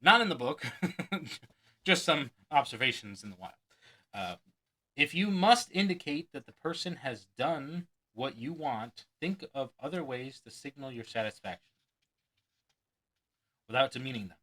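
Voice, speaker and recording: A man with a bright, ringing voice reads a magic book aloud. He chuckles often and drops in his own asides between passages. When quoting, he puts on mock enthusiasm. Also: medium pitch, lively intonation, a little slow, pauses often, rough recording. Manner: acts out quoted lines with mock enthusiasm. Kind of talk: reading aloud with commentary.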